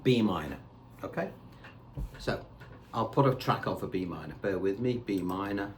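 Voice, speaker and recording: A man's voice: lowish voice, animated, normal speed, a little hiss or hum. A man giving a casual guitar lesson, talking in a chatty way and asking rhetorical questions. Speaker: guitar teacher. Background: faint guitar and backing tracks.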